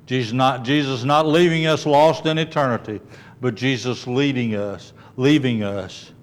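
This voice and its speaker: A man preaching a sermon in a conversational way, dropping low and soft when he quotes scripture. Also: moderate pace. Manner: conversational preaching, asides like "okay" and "don't sweat it". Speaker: pastor.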